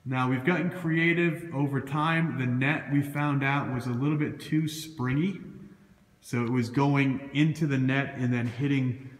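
A man with a Boston accent and a mid-range voice, a throws coach, speaks unhurriedly and with fairly even intonation. He gives a casual, loose how-to walkthrough, correcting himself while pointing things out on camera in an indoor gym throwing area. The gym is echoey with a long reverb.

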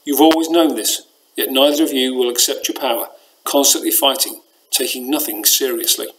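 A man reading a frail wise old seer lady from a storybook, solemn, measured, mid-pitched. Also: fairly bright tone, a little hiss or hum, lightly acted, rough recording. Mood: grave.

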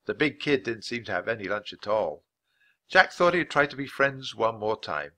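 A man reading a children's chapter book aloud for language learners, clear and measured. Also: on the low side, lively intonation, bright, forceful tone. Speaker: storybook reader. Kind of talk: scripted narration for language learners.

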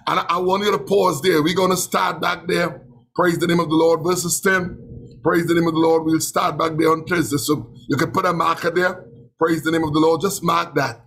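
Man, Trinidadian accent, preacher, sermon, emotional, impassioned, husky. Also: a little high, fairly even intonation, moderate pace, fairly bright tone, low-quality recording. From Trinidad and Tobago. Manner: impassioned preaching with repeated exclamations.

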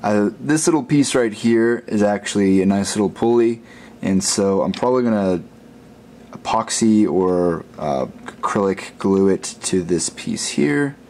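A man with a fairly low voice talks through a homemade gadget build in casual vlog style, rambling and poking fun at himself as he works. Faint workshop clatter sits behind him. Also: unhurried, a little mellow, a little hiss or hum. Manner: rambling, self-mocking, thinks aloud while working.

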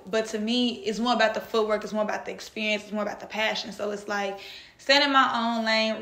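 A young woman from Texas tells a story straight to camera in a casual, lively way, her voice bright and a little high. She acts out the people she quotes. The room around her is echoey. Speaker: vlog host and author.

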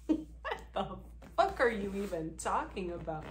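A woman's voice: fairly high pitch, big pitch swings, normal speed. A woman vlogger giving casual reaction commentary, sarcastic and profane, laughing often.

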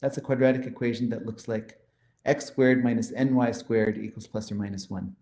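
A man's voice: medium pitch, fairly even intonation, moderate pace, warm tone, echoey room, a little hiss or hum. A man giving a mathematics conference lecture, explaining step by step with enthusiasm and often checking in with "right?".

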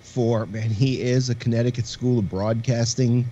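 A man reminisces over a casual chat, laughing now and then between sentences. His voice is of middle pitch. The sound is dull and slightly lo-fi, with a faint hiss behind it. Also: fairly even intonation, moderate pace, mellow.

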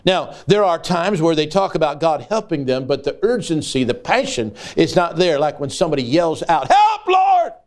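An older man preaching a sermon as an evangelist. He moves from folksy storytelling to rising, loud preaching cries. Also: on the high side, animated, moderate pace, hardly any pauses.

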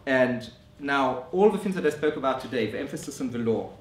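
A man giving a scholarly conference lecture in a measured way, often restarting his phrases. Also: mid-range voice, lively intonation. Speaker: academic lecturer. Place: lecture room. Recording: roomy echo from a distant mic.

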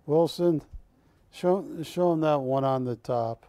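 A man with a fairly high, warm voice speaks slowly, with no room sound audible. He hosts a live shopping channel, joking with the crew and counting down prices in a live TV sales pitch full of banter.

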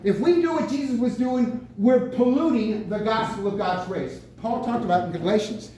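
Guy preaching all fired up, shouting out bits, mic far off in a really echoey room with a bit of hiss. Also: sits high, moderate pace. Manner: excitable, bursts out with exclamations. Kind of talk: lively sermon. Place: senior center meeting room.

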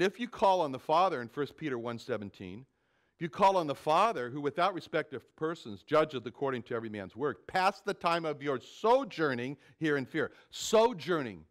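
Animated man preaching a sermon. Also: on the high side. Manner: animated, dramatic swells when quoting scripture; repeats words while thinking. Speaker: pastor. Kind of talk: expository Bible sermon.

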